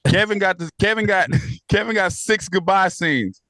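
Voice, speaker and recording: Higher-voiced man, incredulous and laughing. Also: moderate pace, dry recording, studio quality. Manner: animated, incredulous, swearing, laughs often. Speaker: podcast co-host. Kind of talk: casual review chat.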